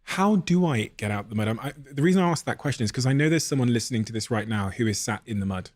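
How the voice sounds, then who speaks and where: A man's voice: mid-range voice, expressive, quick pace, no echo, clean studio sound. A man hosting a podcast, asking searching, probing questions. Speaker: podcast host. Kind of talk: interview questions.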